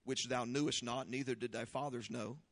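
A man preaching a sermon, leading prayer and praise with fervor, then reading scripture slowly and explaining it. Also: medium pitch, steady tone, big-room sound. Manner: fervent, shouting praise then slow deliberate teaching. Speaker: pastor.

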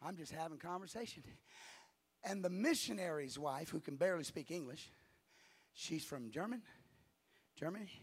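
A man pastor preaching a sermon to his congregation in a church, shouting at the peaks and dropping to a quiet, conversational storytelling voice in between. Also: a little high, lively intonation, normal speed, long pauses, slightly rough.

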